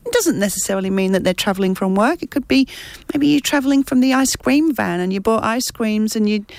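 A woman's voice: fairly high pitch, expressive, a little fast, creaky, no echo. A woman presenting a radio show in a rambling, chatty way with many fillers.

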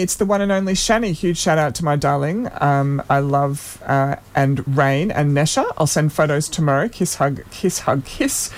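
Hosting a community radio show, a man with a slightly high voice casually reads out listener shout-outs, tripping over names here and there.

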